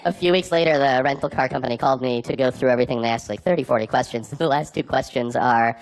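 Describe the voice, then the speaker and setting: A man's voice: mid-range voice, fast, gravelly. A man doing a stand-up comedy set, telling rambling anecdotes full of "like" fillers. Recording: noisy live recording with clicks.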